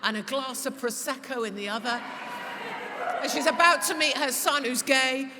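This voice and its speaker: A woman talking as a podcast guest before a live audience, impassioned and swearing, laughing, and rising to shouts. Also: high voice, steady tone, moderate pace, a crowd in the background. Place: large church hall before a live audience. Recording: echoey hall with audience noise.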